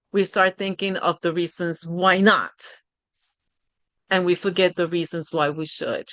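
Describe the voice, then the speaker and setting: A woman's voice: lowish voice, bright, forceful tone, no room sound. A middle-aged woman hosting a live coaching session, talking in a conversational, encouraging way with frequent restarts. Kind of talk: live online workshop talk.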